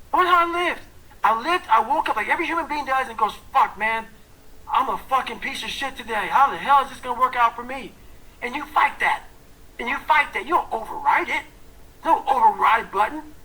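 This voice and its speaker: A man delivers a fierce motivational talk in a gravelly, raspy voice with a tense, forceful edge. He is blunt and profane, jumping from loud, punchy lines to hushed, intense whispers. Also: extremely high pitch, rough recording. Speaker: motivational speaker.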